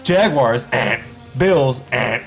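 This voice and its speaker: A man's voice: medium pitch, lively intonation, takes it slowly, creaky, soft background music. A man co-hosting a casual sports podcast, hyping results and singing out "ding" for each correct pick. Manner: hypes announcements, sings out "ding" on picks. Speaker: podcast co-host.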